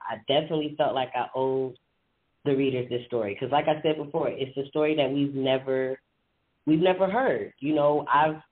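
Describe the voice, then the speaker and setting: Male podcast guest, slightly high voice, loose conversational delivery, phone-line sound. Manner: conversational, fills with "you know". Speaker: guest author. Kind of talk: casual podcast interview.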